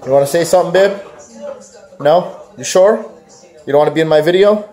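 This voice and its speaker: A man's voice: on the high side, fairly quick, darkish tone. A man with a Toronto accent, joking and rambling as he chats to his vlog camera. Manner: joking, rambling, laughs at himself. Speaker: vlogger, father. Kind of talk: casual vlog chat.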